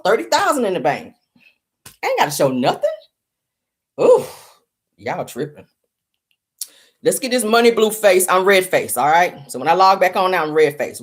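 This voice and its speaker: Lively laughing woman hosting a livestream. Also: medium pitch. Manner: loud, laughing, playful slang, repeats herself. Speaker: show host. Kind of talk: animated solo livestream commentary.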